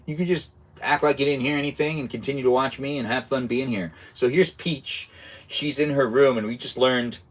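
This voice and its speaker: A young man casually chatting on his live stream while playing a game, rambling and chatty. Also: mid-range voice. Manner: rambling, chatty, self-interrupting.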